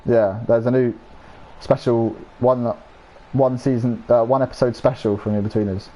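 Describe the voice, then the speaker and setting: A man's voice: mid-range voice, steady tone, moderate pace, dark tone, low-quality recording. A young man rambling in casual chat while streaming a game, swearing freely and losing his train of thought.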